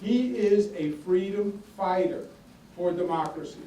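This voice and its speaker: A man's voice: sits high, a little slow, mellow. An older man from Queens with a Queens accent, giving a folksy, emphatic campaign speech and repeating lines for effect. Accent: Queens, New York. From Queens, New York. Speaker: political candidate. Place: echoey indoor office hall. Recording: echoey, distant room recording with faint noise.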